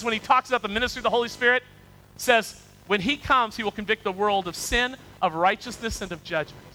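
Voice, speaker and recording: A man's voice: sits high, sharp tone, rough recording. A male pastor preaching a sermon, acting out people's excuses in quoted voices and reading scripture aloud.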